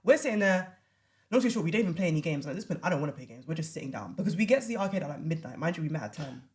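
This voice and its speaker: A woman telling a podcast host an animated story and acting out the quotes. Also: low-pitched, racing. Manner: animated, acts out quotes, laughs often. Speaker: podcast guest. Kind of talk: casual storytelling chat.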